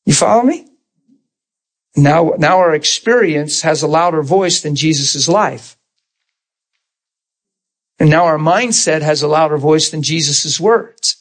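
A man's voice: fairly high pitch, measured pace, pauses often. A middle-aged man preaching a conversational sermon to a small class. He asks the room for agreement and acts out prayers and God's replies in quoted voices.

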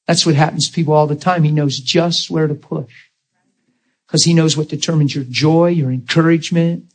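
A man with a slightly high, husky voice preaches a sermon at normal speed with fairly even intonation. His delivery is folksy and story-driven, and he takes on the voices of the people he describes.

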